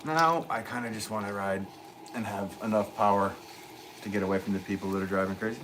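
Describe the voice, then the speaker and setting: A man, a potter, chatting casually on a livestream and reading out viewer comments, relaxed and joking, with frequent chuckles. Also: on the low side, brisk, noisy background. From northwest Connecticut. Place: pottery studio.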